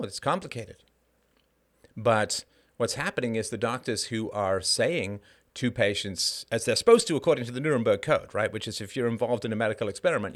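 Blunt, profane man ranting on a live show. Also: fairly low pitch. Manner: sardonic asides and rhetorical questions. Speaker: host of a live call-in show. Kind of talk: heated monologue on a live show.

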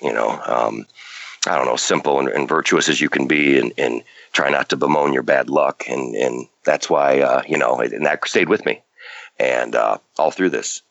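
A male caller on a phone-in show who talks haltingly, with many restarts. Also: rumbling low, vocal fry, fairly bright tone, dry recording, dull audio. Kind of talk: phone call-in conversation.

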